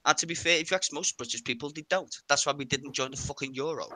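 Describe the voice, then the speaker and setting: A man's voice: fairly high pitch, fast, sharp tone. A man with a Liverpool Scouse accent chatting casually on a stream, blunt, opinionated and sweary. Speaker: stream co-host. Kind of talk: casual chat.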